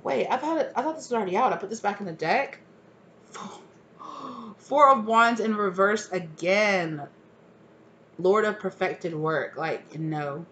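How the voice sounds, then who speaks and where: A woman's voice: mid-range voice, unhurried, fairly bright tone. A woman giving a casual tarot reading, naming cards and thinking aloud with many fillers. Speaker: tarot reader.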